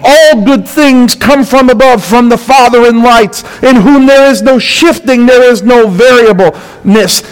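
A middle-aged man preaching from the pulpit, his voice sitting high for a man. He takes his time, drawing out phrases and leaning on rhetorical questions as he builds to emphatic peaks. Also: a little slow, hardly any pauses, clear, resonant tone, rough recording. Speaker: pastor. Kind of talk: sermon.

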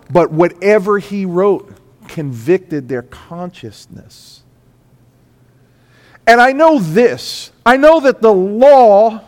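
A man preaching a sermon in a large hall, his voice ringing with long reverb. He speaks slowly and deliberately in a high register, hammering points home through repetition. He swings between hushed lines and loud, emphatic peaks. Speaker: pastor. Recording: echoey hall.

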